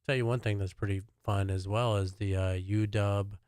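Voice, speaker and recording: A man's voice: on the low side, moderate pace, a little hiss or hum. A middle-aged man from Alabama, a personal chef and podcast guest, chatting easily with lots of fillers. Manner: relaxed, chatty, many fillers. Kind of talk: casual podcast chat.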